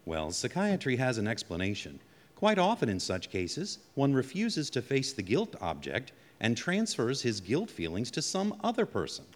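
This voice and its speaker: A calm, probing psychiatrist in an old radio drama, measured and accusing, his pitch rising and falling very freely. the voice carries a long reverb, as if in a big hall. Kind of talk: 1940s radio acting.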